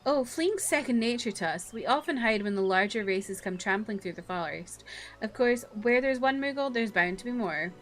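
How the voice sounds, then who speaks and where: Girl doing a cute lil moogle guy, quaint and skittish, high-ish voice, music playing faintly. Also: expressive, normal speed, natural voice. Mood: chirpy. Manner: quaint, ends sentences with kupo. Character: small cheerful male moogle, timid forest creature.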